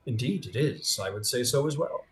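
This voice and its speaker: A man's voice: medium pitch, lively intonation, faint music behind. Man narrating as game master. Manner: vivid scene-setting with frequent "um" pauses.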